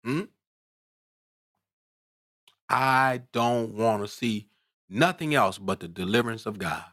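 A man preaches a sermon in call-and-response style, asking "hmm?" between points and drawling scripture slowly before climbing in pitch into fervent shouts when worked up. The recording is dry with clean studio sound.

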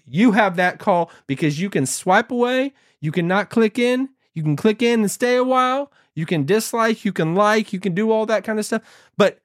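A man talking casually to his audience as a YouTuber, rambling with frequent restarts and emphatic repeats. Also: high voice. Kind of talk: casual talking-to-camera monologue.

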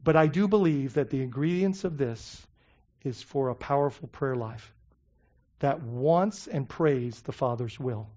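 A pastor delivering a sermon in an emphatic, earnest way, stumbling into repeated words and tossing questions back to the listeners. The pitch sits in a middle range. The recording sounds muffled and lo-fi. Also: a little slow, warm tone.

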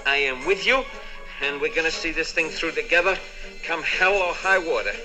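An actor playing a smooth-talking, paranoid male concert pianist who soothingly and insistently reassures his lover in a 1960s film. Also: on the high side, animated, normal speed, lightly acted, low-quality recording. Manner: soothing, insistent, repeats "listen". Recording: film soundtrack with music behind.

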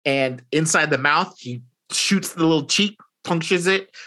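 A man casually recapping a comic book storyline, rambling with many fillers and quick impressions of the characters. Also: on the high side, bright, forceful tone. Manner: rambling retelling with fillers and acted-out quotes. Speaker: podcast co-host recapping comics. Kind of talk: casual chat.

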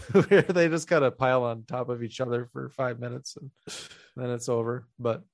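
A man's voice: mid-range voice, fairly even intonation, moderate pace, vocal fry, no room sound. Podcast host guy recapping a movie plot, crude jokes, dry close mic. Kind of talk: casual chat retelling a film plot.

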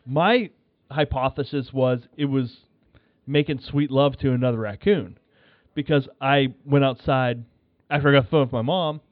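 A man telling a rambling, animated story in casual chat, acting out his own shouts. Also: mid-range voice, moderate pace, dry recording. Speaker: podcast guest. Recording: tinny phone line, dry.

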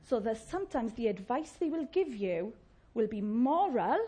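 A woman preaching a sermon, chatty and warm-humoured, often asking the congregation questions and laughing. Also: a little high, big pitch swings, normal speed, husky.

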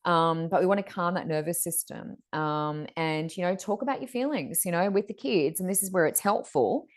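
Woman, chatty podcast co-host, slightly low voice, loose filler-heavy talk. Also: normal speed. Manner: chatty, frequent fillers and "you know". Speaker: podcast co-host, psychic reader. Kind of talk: casual spiritual wellness chat.

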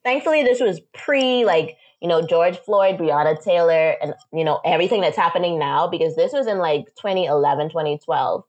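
A young woman from the Bahamas telling a personal story as an interview guest, animated and acting out quotes. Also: on the low side, fairly quick, hardly any pauses, muffled recording. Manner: animated, acts out quotes, frequent "like".

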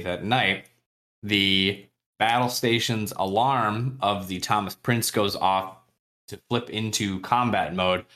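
A man with a fairly low voice talks casually on his podcast, recapping a novel for a friend. He laughs often and slips into quick impressions of the characters as he retells their conversations. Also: bright, forceful tone. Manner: chatty, laughs often, acts out characters' lines. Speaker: podcast co-host. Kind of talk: casual book recap chat.

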